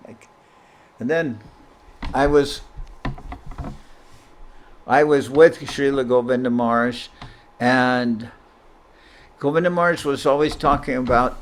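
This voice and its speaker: Man telling an anecdote on a video call. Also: mid-range voice. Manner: anecdotal, self-deprecating, animated when quoting. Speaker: spiritual teacher. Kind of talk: informal storytelling talk.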